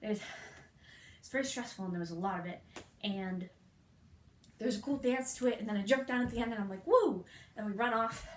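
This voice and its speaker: A young woman retelling a musical in a fast, playful, slangy way, acting out the quotes, recorded in a room with faint noise. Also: mid-range voice, reverberant. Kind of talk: hyper comic retelling.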